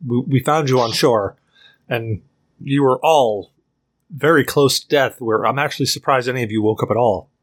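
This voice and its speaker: Man doing a kindly elf doctor, gentle, reassuring, a bit husky, tabletop game. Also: medium pitch, moderate pace, lightly acted. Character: kindly, well-dressed male elf doctor.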